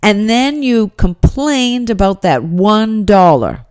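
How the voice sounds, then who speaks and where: A woman's voice: medium pitch, animated, slow, darkish tone, clear, resonant tone, no room sound, clean studio sound. A woman podcast host telling a story in a monologue, emphatic and exasperated.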